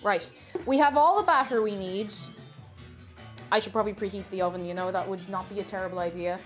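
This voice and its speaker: A woman's voice: medium pitch, a little fast, music in the background. A young woman chatting cheerfully on a live stream while baking, greeting viewers and repeating her phrases.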